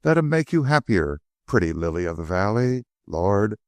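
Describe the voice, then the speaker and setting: A man's voice: on the low side, sing-song, normal speed, no echo. A man voicing an older, loving working-class female servant who talks in homely, ungrammatical speech. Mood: doting.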